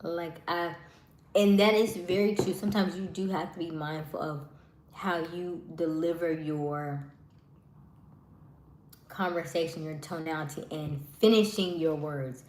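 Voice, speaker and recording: Soft-spoken low-voiced woman chatting live. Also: steady tone, a little slow, roomy sound. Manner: soft-spoken, trails off her words; chatty, many fillers. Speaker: live stream host. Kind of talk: casual chat with live viewers.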